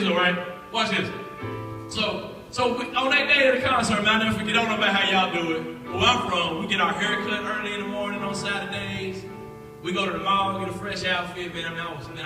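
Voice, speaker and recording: A man, telling a lively testimony to students as guest speaker in a school chapel. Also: sits high. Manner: animated, acts out voices. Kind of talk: storytelling testimony. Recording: echoey hall from far off.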